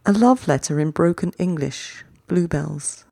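Poetry podcast host: slow, measured reader with a mellow tone and a dry, close sound, each poem read twice. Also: mid-range voice, gravelly, dry recording. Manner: reads each short poem twice with long pauses; chatty, quicker sign-off.

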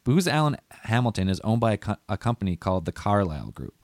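A man's voice: lowish voice, very animated, quick pace, darkish tone, no echo, studio quality. A man hosting a casual conspiracy podcast, rambling and swearing as he walks through what he read. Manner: rambling, profane, loses his notes. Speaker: podcast host.

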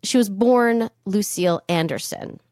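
A woman co-hosting a podcast, telling a story in casual, animated chat and swearing freely. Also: mid-range voice, unhurried, no room sound, clean studio sound. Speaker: podcast co-host.

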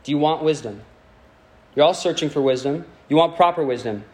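Male preacher, slightly higher voice, chatty sermon delivery with questions to the church. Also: fairly quick. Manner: conversational and playful, asking the congregation questions.

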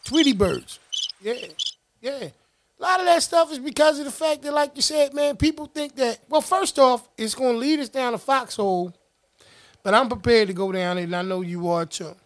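A man's voice: very high voice, normal speed, a bit bright. A man co-hosting a podcast, easygoing and reflective in casual chat. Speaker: podcast co-host.

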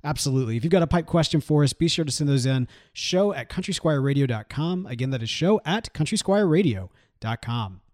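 Man, 30s, podcast co-host, casual chat, animated, chatty, fairly high voice, very lively pitch. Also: quick pace, hardly any pauses. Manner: animated, chatty, laughs often.

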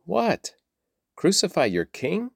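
A man reading aloud and voicing an uneasy Roman governor, pressing his questions with his pitch rising. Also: sing-song, normal speed, no echo, studio quality.

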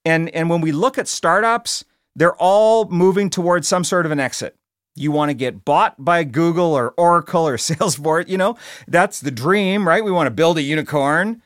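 A man's voice: a little high, moderate pace, no echo, studio quality. Blunt, colloquial middle-aged male podcast host. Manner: blunt, colloquial, animated, repeats words. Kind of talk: casual podcast monologue. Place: recording studio.

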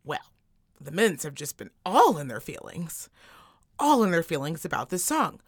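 A woman's voice: sits low, moderate pace, no room sound, clean studio sound. A young woman co-hosting a casual podcast chat, blunt and profane, telling stories with lots of energy. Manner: blunt, profane, animated storytelling. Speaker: podcast co-host.

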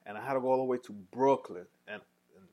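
A man in his thirties with a New York accent, telling profane, animated stories on a casual podcast. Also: mid-range voice, quick pace, lo-fi sound. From New York, Washington Heights. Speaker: podcast co-host. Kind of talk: casual storytelling chat.

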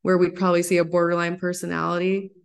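A woman in her thirties, a psychologist guest on a podcast, explaining ideas in an animated, excited way. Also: fairly low pitch, fast talker, gravelly. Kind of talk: podcast interview.

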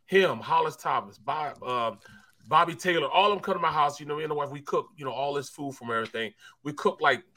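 A man co-hosting a sports show, telling a funny story in a lively, slangy way. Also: fairly high pitch, brisk. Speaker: co-host, former football player. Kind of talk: casual storytelling.

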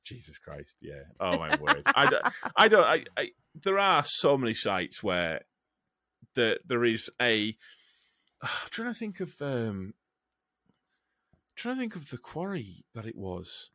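A man's voice: medium pitch, unhurried, no room sound, clean studio sound. A man who drives a truck, chatting casually, rambling and swearing as he tells stories. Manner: rambling, swears freely, animated storytelling. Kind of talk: casual chat.

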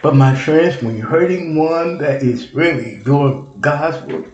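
A male preacher delivers a slow, emphatic sermon, his voice pitched a bit high. He often repeats words and corrects himself as he reads scripture, and the room around him is echoey. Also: very animated, darkish tone.

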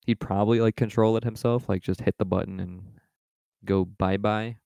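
A man's voice: lowish voice, steady tone, moderate pace, creaky, warm tone, no echo. A young man co-hosting a podcast in casual chat, joking and swearing freely. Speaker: podcast co-host.

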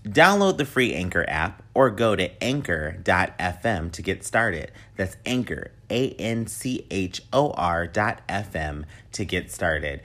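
Deep-voiced playful male podcast host. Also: fairly bright tone. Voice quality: whiny. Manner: playful, campy and chatty. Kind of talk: solo podcast talk with a read ad.

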